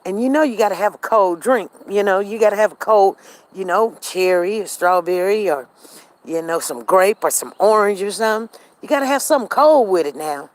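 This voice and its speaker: A woman's voice: medium pitch, animated, fairly quick. Chatty middle-aged woman telling a story. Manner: chatty, laughs often, speaks directly to viewers. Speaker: vlogger telling a home story. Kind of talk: casual storytelling to viewers.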